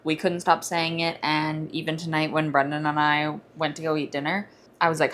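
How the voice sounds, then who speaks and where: Young woman vlogger, goofy and chatty, slightly low voice, casual kitchen talk. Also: flat delivery, a little fast, fairly bright tone. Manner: playful, sings nonsense and jokes while cooking. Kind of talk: casual kitchen vlog chat.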